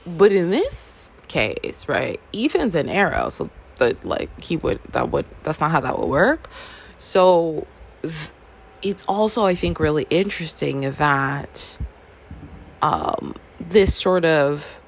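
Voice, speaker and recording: A woman's voice: deep voice, big pitch swings, slow pace, creaky. A woman reviewing a book in casual chat, talking animatedly and acting out reactions in little quoted voices. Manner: chatty, acts out readers' reactions in quoted voices.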